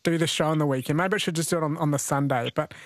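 A man's voice: a little high, very fast, background noise. A man hosting a radio quiz, chatty and jokey, laughing often. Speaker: radio host.

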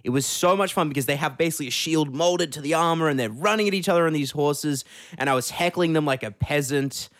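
A radio co-host in casual on-air chat, playful and quick to laugh. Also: mid-range voice, no echo, clean studio sound. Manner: playful, laughs often, nerdy enthusiasm. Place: radio studio.

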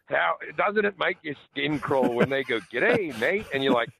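An Australian man in his forties, a comedian chatting and joking as a radio guest with quick restarts over the phone. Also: mid-range voice, lively intonation, gravelly, fairly bright tone. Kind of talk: casual radio interview. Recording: tinny phone line.

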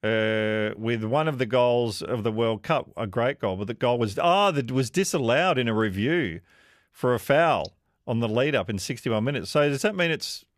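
A man's voice: medium pitch, animated, normal speed, no room sound, studio quality. An Australian man hosting a radio chat show, reading listener messages and talking with a guest in a conversational way. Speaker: radio host.

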